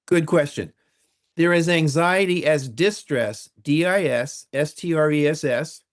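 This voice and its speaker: A man's voice: a little high, unhurried. An older man, a retired university teacher, explaining ideas methodically as an interview guest and spelling out key terms.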